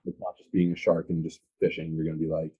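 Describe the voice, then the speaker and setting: A man's voice: extremely low pitch, monotone, fast, husky, dull audio. A man, a real estate agent, talking with energy in a casual podcast conversation and acting out sales calls.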